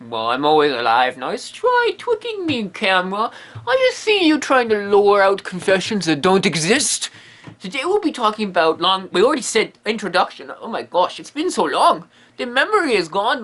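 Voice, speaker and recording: Rambling woman in a lively comedic monologue. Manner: rambling, self-contradicting, sudden pitch swings. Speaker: comedic medium character host.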